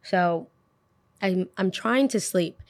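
A woman's voice: lowish voice, slow pace, no room sound. A young woman hosting a podcast, telling a dramatic personal story in a casual, chatty way, full of "like". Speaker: podcast host.

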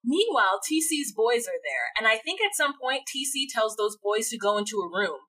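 A woman co-hosting a casual podcast, recapping a reality show in lively chat and acting out what people said. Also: on the high side, normal speed. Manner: animated, acts out quotes, laughs often. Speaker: podcast co-host.

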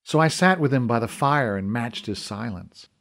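A man's voice: moderate pace, gravelly. A man who is the author and narrator, reading a podcast novel aloud in a storytelling manner. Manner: storytelling, with lively, expressive pitch. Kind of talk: scripted audiobook narration.

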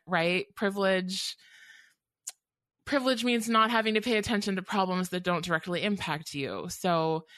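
A woman's voice: medium pitch, fairly bright tone, no room sound. A woman author in an interview, speaking thoughtfully and earnestly, with frequent ums and restarts. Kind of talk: reflective interview talk.

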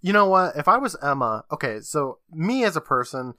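A man's voice: fairly high pitch, sing-song, fairly quick, bright, forceful tone, no room sound, studio quality. A man co-hosting a podcast, recapping an episode in a casual, joking storytelling manner with casual swearing. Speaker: podcast co-host.

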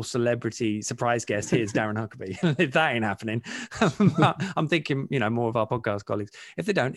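Rambling, laughing podcast host on a call. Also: male voice, medium pitch, vocal fry, no echo, studio quality. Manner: rambling, self-mocking, laughs often. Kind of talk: casual chat on a video call. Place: home, video call. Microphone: video call.

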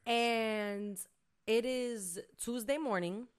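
A woman's voice: on the high side, extremely slow, slight background noise. A woman co-hosting a casual podcast from Massachusetts, telling a story with swearing and acted-out voices. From Lawrence, Massachusetts. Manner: animated, profane, acts out voices. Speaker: podcast co-host.

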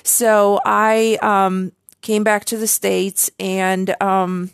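Emotional gravelly-voiced woman, dry close sound. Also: mid-range voice, little pitch movement, drawn-out words, no room sound. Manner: warm, affirming, emotional storytelling. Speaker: podcast co-host. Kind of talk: casual chat.

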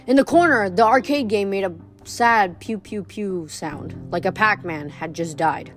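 A woman reading a novel aloud in a steady, measured narration. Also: mid-range voice, faint music behind. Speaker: reader.

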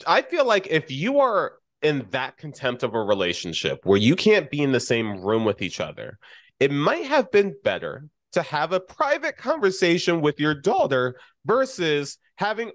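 Lively man on a dry podcast mic. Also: a little high, no echo. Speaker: podcast co-host. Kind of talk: casual rewatch podcast chat.

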